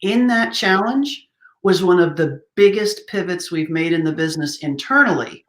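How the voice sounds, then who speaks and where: A woman's voice: on the low side, animated, normal speed. A woman hosting a casual interview, enthusiastic, laughing easily and asking prompting questions. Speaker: host. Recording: echoey room.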